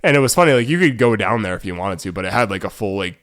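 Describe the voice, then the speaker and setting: A young man with a New England accent co-hosts a podcast and tells a story at an easy, rambling pace. His voice sits on the low side, and he trails through fillers and restarts. The recording is dry and close, with almost no room sound. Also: lively intonation, very fast, fairly bright tone, dry recording. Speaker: podcast co-host. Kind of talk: casual chat.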